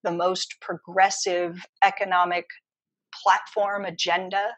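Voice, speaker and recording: A woman's voice: lowish voice, flat delivery, a little slow, fairly bright tone, dry recording, rough recording. A woman economist answering interview questions, explaining her views emphatically and at length. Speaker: economist guest.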